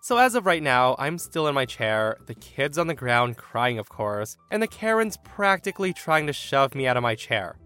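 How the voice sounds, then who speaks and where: A man narrating a story with a lively, expressive reading. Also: mid-range voice, moderate pace, hardly any pauses. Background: faint music.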